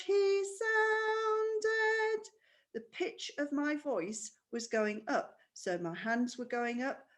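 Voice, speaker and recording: A woman teaching a primary school music lesson online, patient and explaining step by step with questions. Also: on the high side.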